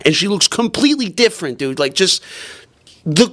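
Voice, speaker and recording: A man's voice: high-pitched, big pitch swings, moderate pace, a bit bright. A young man hosting a podcast, telling a rambling story in casual chat and laughing along. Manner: rambling, laughs through story, lots of fillers. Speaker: podcast host.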